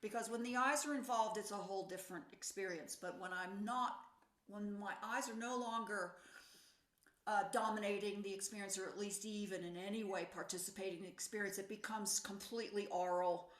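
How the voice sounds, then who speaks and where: A woman's voice: medium pitch, steady tone, a little fast, a bit bright, echoey room. A woman in her sixties, a pianist, giving a thoughtful talk, searching for words with fillers and restarts. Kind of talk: reflective lecture talk.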